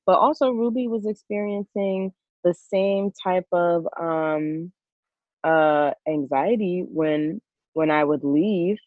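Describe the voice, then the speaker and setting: A woman, a working parent, talking in a casual chat in a reflective, worried way, with many halting restarts. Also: on the low side, no echo, narrow, tinny audio. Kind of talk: casual podcast conversation.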